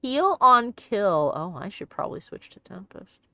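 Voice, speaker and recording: A woman's voice: medium pitch, very animated, unhurried, pushed and bright, dry recording. A woman hosting a let's play, chatting casually and giggling as she plays. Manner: chatty and giggly, exclaims often. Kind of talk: casual gameplay commentary.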